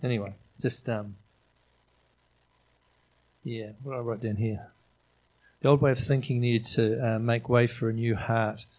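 A man's voice: mid-range voice, flat delivery, measured pace, pauses often, darkish tone, poor audio. A middle-aged man preaching an informal sermon in a chatty, enthusiastic way, often restarting his sentences. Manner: conversational, enthusiastic, frequent restarts and fillers.

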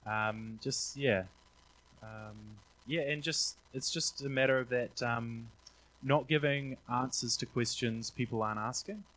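A young man shares church testimonies in a casual, rambling way. His pitch sits in the middle range. He fills pauses with "um" and slips into the voices of the people he quotes. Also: fairly bright tone, poor audio. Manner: rambling, frequent "um", acts out quotes. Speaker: church member sharing testimonies.

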